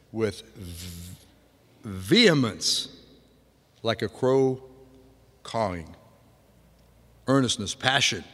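A man preaching a sermon in a loose, conversational way, with frequent restarts and vivid imitations of sounds. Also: on the high side. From grew up on a farm. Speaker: pastor. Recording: long hall reverb.

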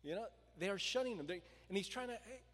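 A man preaching a sermon, telling the story with lively voices for the crowd and stopping to ask his listeners questions. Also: sits high, fast talker. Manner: animated storytelling, acting out the crowd and quotes. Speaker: pastor. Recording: long reverb of a large hall.

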